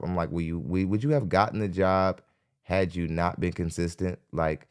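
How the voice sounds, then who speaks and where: A man's voice: deep voice, brisk, clean tone. A man hosting a live podcast, giving skeptical, rambling reaction commentary with frequent restarts. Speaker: podcast host.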